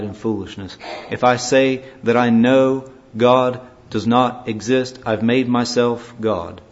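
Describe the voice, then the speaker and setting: A male preacher delivering a sermon, swinging from loud, emphatic scripture reading to quiet, grave warnings. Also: medium pitch. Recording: dull lo-fi recording.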